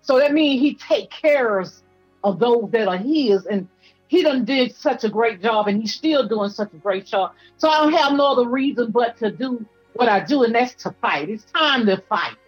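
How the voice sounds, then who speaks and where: A woman's voice: on the high side, lively intonation, normal speed, slightly rough, dull audio, faint music behind. A woman preacher from Georgia, giving a fervent, rhythmic testimony with repetitions, her voice teary and breaking at times. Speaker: apostle, guest preacher.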